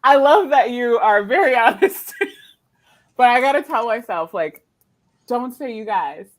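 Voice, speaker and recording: A woman's voice: a little high, expressive, measured pace. A woman hosting a casual livestream chat, telling stories animatedly and laughing often. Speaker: livestream host.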